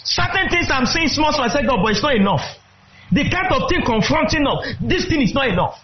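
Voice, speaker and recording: Fervent high-voiced preacher. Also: male voice, big pitch swings, lo-fi sound. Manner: fervent, with sudden shouts and drawn-out emphasis. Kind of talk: sermon.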